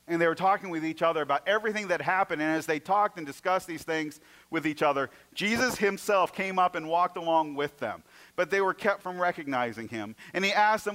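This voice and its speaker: Guy preaching a sermon, acts out the stories, gets loud then goes real quiet. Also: on the high side. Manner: storytelling, acting out scenes in varied voices; swings from loud and emphatic to hushed. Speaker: pastor.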